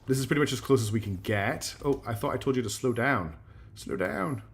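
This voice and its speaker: A man's voice: mid-range voice, quick pace, soft background music. A man streaming live, thinking aloud through his gameplay and chatting back to viewers. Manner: thinks aloud while playing and answers chat.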